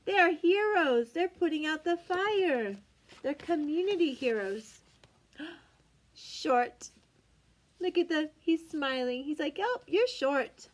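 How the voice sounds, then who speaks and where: High, slow, wide-eyed storytime woman. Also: expressive. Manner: gasping, exaggerated, sing-song wonder for young children. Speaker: teacher reading to children. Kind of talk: read-aloud storytime.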